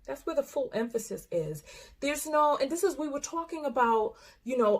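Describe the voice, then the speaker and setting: A middle-aged woman, a life coach, reacting to a video, animated and exclamatory at times, then soft and earnest. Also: on the high side. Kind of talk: reaction commentary.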